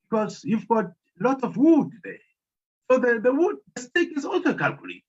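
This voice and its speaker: A man voicing an ancestral spirit in a spoken folk tale, speaking in a brisk, chiding way. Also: very high voice, huge pitch swings, husky, voice pushed up, full character voice. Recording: muffled lo-fi audio.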